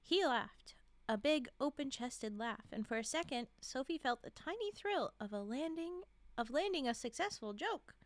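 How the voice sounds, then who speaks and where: This woman's voice sits high and sounds expressive as she reads holiday stories on a live stream at normal speed, slightly hoarse from a frog in her throat. She often stops to giggle and talk with viewers, and there's no room sound.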